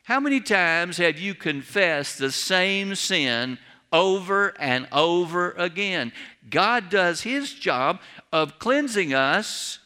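Pastor, man, slightly high and bright-toned, folksy storyteller with humor, sermon in a reverberant church. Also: big pitch swings, takes it slowly. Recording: long reverb of a large hall.

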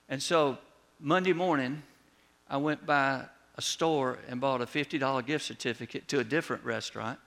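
A pastor preaching and telling a story from the pulpit. His voice is gravelly and bright, at a middle pitch, and it rises for retold dialogue before falling quiet at the ends of lines. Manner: storytelling, animated when retelling, drops soft on closing words. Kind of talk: sermon.

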